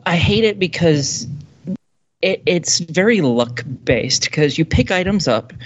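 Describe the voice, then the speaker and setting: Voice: medium pitch, animated, takes it slowly. A speaker in casual group chat, ranting and swearing heavily about things they dislike. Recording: dull lo-fi recording.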